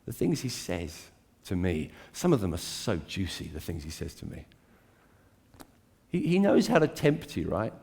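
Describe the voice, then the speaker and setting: A man preaching a sermon to a church, dramatic and swinging between hushed, intimate lines and emphatic climbs. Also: sits low, sing-song, a little slow, creaky, slightly rough. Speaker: pastor.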